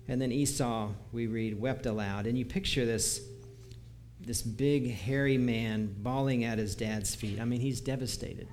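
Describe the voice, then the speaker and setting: A preacher gives a sermon in an easy, conversational manner, reading scripture aloud and chuckling lightly at his own asides. His middle-pitched voice holds a steady tone at a moderate pace, over a faint hiss of noise.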